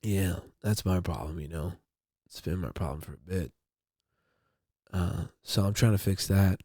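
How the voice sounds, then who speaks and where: A man's voice: low-pitched, moderate pace, dark tone, no room sound, clean studio sound. A man hosting a podcast, talking alone in a casual, rambling way with lots of swearing and repeated words. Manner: rambling, profane, repeats himself. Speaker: podcast host. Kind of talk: casual solo monologue.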